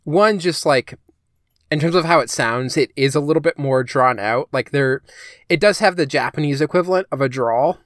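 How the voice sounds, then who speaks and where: A man's voice: on the high side, moderate pace, fairly bright tone, dry recording, clean studio sound. A man co-hosting a podcast in a casual discussion, chatty and filling his talk with "like" and "um". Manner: chatty, heavy use of "like" and "um". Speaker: podcast co-host.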